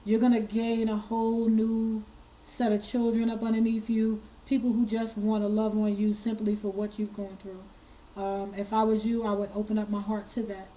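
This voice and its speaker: A woman hosting an online commentary, speaking earnestly while hoarse and fighting back tears, often repeating her words. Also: mid-range voice, completely flat delivery, normal speed, dark tone, poor audio. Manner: earnest, choked up, repeats herself. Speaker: commentary channel host. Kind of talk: emotional commentary.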